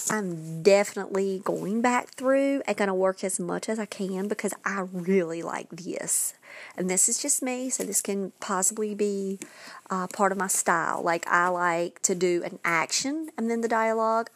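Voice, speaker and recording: A woman hosting a podcast, giving casual, emphatic writing advice with quick asides. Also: mid-range voice. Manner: chatty, emphatic, with dropped asides. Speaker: podcast host and writing coach.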